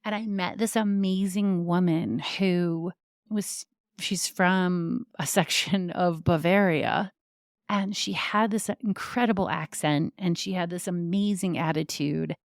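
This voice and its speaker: Woman podcast host, casual storytelling, unhurried, low-ish voice, dry close sound. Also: vocal fry, no room sound. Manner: chatty, laughs often, many fillers.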